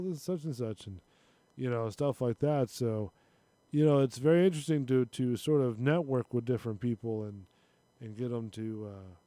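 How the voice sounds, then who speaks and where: A man's voice: medium pitch, mellow, no room sound. A man hosting a casual chat, rambling with many fillers. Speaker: host.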